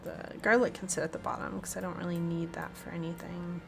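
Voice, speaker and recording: A woman's voice: lowish voice, level tone, brisk, vocal fry, music in the background. A woman hosting a gaming video, chatting casually to her viewers as she plays. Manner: chatty, addresses viewers directly. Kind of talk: casual gameplay commentary.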